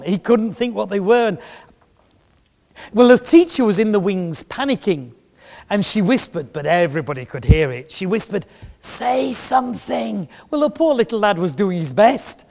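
A middle-aged man with a high voice and darkish tone preaches a sermon, telling a story with emphasis and humor. The recording has long reverb from a large hall.

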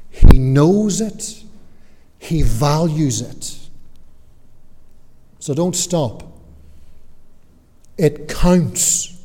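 Guy preaching real slow, bit high voice, long echo off the church hall. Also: dark tone. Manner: earnest, emphatic, deliberate pauses. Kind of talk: sermon.

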